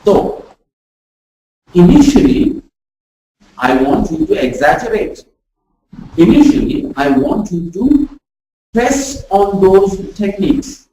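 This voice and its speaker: A woman teaching a pronunciation lesson, demonstrating sounds with deliberate exaggeration. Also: medium pitch, sing-song, dark tone, a little hiss or hum. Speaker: communication skills trainer. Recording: very echoey room, voice far from mic.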